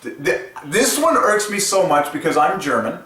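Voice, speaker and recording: Excitable ranting man, roomy and distant. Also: fairly high pitch, moderate pace. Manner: enthusiastic, ranting, laughs often. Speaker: channel host. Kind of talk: casual video monologue. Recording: roomy echo, distant from mic, faint noise.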